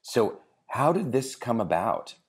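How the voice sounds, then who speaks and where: A man's voice: mid-range voice, big pitch swings, unhurried, husky. A man hosting a podcast interview, enthusiastic and feeling his way through his questions. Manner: enthusiastic, searching for words with fillers. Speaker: podcast host. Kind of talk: interview conversation.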